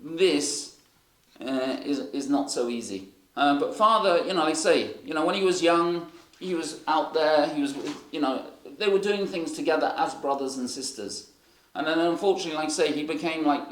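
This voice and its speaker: A man preaching, telling rambling anecdotes full of fillers. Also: a little high. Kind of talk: sermon storytelling. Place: church hall. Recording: echoey hall.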